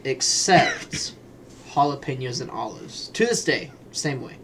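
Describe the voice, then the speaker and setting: A man's voice: mid-range voice, animated, slow pace, fairly bright tone. A male podcast co-host with a mid-range voice speaks bluntly and casually, swearing freely as he rants. Faint background noise sits under the recording. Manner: blunt, profane ranting. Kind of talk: casual chat.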